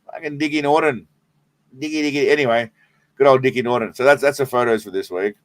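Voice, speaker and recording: Stoned and relaxed, an Australian live-stream host rambles through casual chat, cursing as he goes. His mid-range voice moves briskly, and the recording has no echo.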